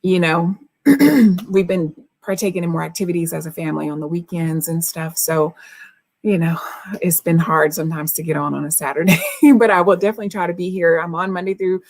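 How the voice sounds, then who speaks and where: A woman's voice: lowish voice, fairly even intonation, a little fast. A woman, a relationship coach chatting on a livestream, greeting viewers by name and laughing often.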